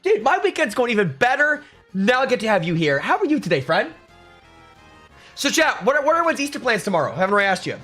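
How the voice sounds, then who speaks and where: A man's voice: very high voice, big pitch swings, quick pace, sharp tone, soft background music. A man chatting casually with his live stream chat, reading out and answering messages. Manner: chatty, reads chat aloud, upbeat. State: chewing food at times. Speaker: livestreamer.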